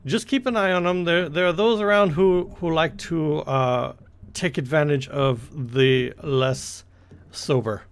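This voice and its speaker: A man's voice: fairly high pitch, a little slow, clear, resonant tone. A man voicing a blunt, knowing dwarven tavern waitress in an odd, unplaced put-on accent for a tabletop game. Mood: offhand.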